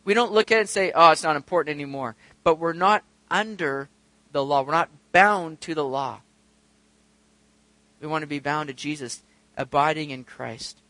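High, bright-voiced man preaching a sermon. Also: normal speed, long pauses, dry recording. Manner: conversational preaching with rising emphatic peaks. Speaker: pastor.

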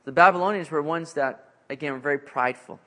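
A high-pitched male pastor works through scripture in an expository sermon. His delivery is casual and animated, with a conversational feel and plenty of fillers. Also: fast.

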